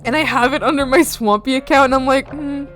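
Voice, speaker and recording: A young woman streaming her art from home, chatting casually with viewers, giggling often and yelling playfully at her pets. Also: high voice, brisk, soft background music. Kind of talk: casual live-stream chat.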